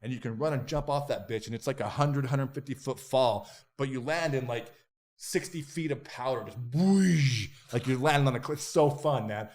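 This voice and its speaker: A man telling stories as a podcast guest, animated and profane, acting out what others said in bursts. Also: medium pitch, moderate pace. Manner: animated, profane, acts out quoted voices. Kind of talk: casual interview storytelling.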